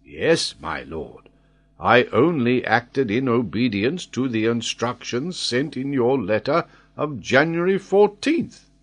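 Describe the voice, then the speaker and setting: A man with a husky voice reading the lines of a faithful old sailor who answers calmly and plainly, in an audiobook. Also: medium pitch, slow. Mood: puzzled. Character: faithful old male ship's sailor, bewildered.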